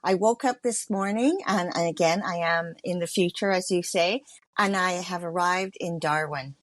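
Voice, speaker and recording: A woman travel expert casually recounting her cruise week in a chatty, halting way. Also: on the low side, no echo. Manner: chatty, many fillers and restarts. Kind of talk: casual conversational recap.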